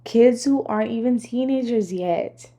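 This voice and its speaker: A woman's voice: on the high side, unhurried, warm tone. A young adult woman delivering scripted, earnest and critical commentary as a vlogger.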